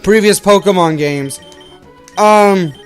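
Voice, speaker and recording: A young Canadian man hosts a let's play, speaking slowly in a high-pitched, clear and resonant voice. His casual gameplay commentary wanders and self-corrects, set against soft background music.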